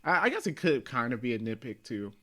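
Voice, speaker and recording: Man, podcast host, mid-pitch, animated and playful in casual chat. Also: fast. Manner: animated, laughs often, acts out lines. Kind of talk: casual movie review chat.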